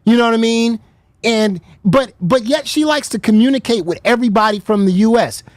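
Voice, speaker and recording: A woman from the United States hosts a reaction show, giving heated commentary with blunt talk, plenty of swearing, and mocking laughter. Her fairly high, slightly mellow voice is fairly quick, recorded with no echo.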